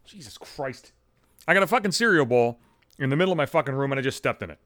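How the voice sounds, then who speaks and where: A man's voice: medium pitch, animated, racing, fairly bright tone. A young man delivering a profane comedic rant, exasperated and swearing constantly, recorded at home on a microphone. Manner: heavy swearing, exasperated ranting. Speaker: comedic monologue host. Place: home room. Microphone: studio microphone.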